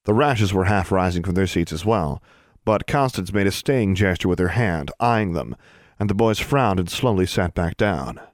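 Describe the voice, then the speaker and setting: Low-voiced male audiobook narrator. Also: moderate pace, dry recording, studio quality. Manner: steady, even storytelling.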